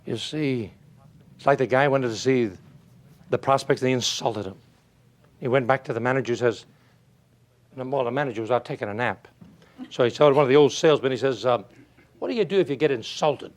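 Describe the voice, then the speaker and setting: A man's voice: medium pitch, fairly quick, pauses often. A man giving a folksy motivational speech, full of rhetorical questions and stories. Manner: emphatic, rhetorical questions, storytelling. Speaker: motivational speaker.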